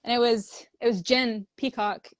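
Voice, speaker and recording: A woman's voice: on the high side, steady tone, moderate pace, dry recording. A young adult woman telling stories as a guest in a casual interview, chatty and full of "like". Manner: chatty, fills speech with "like", acts out quoted dialogue.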